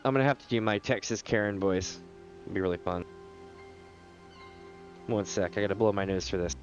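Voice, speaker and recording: A man's voice: lowish voice, brisk. A man casually commenting on a game while streaming, playful and swearing freely. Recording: dull lo-fi audio with faint music.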